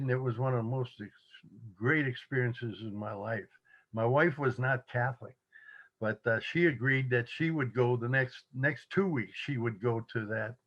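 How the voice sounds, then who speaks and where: An older man in his seventies spins a yarn with easy, chuckling energy, mimicking the people in his story. His voice sits at an average pitch. The recording sounds a little dull and muffled. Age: 70s. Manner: chuckling, animated quoting of others. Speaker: interview guest. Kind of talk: casual storytelling.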